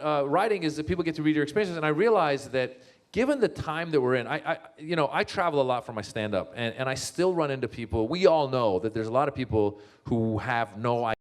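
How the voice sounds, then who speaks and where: A man, a comedian and author, giving a comic talk to a live audience as an animated storyteller with many restarts. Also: fairly high pitch, brisk.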